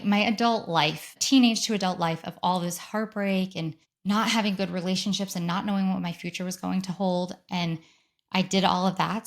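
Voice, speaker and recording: Gushing woman telling a story. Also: lowish voice. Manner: animated, gushing storyteller who acts out quotes. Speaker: podcast host. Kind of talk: solo podcast storytelling.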